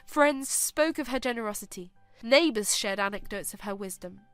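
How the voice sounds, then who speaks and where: A woman giving a scripted, solemn and measured story narration. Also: fairly high pitch, animated, clean tone, no echo, soft background music.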